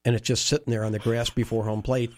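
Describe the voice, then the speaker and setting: A man telling animated anecdotes in a conversation, acting out quoted dialogue. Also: mid-range voice, quick pace, a little hiss or hum. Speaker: interview guest, former baseball team staffer. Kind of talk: storytelling conversation.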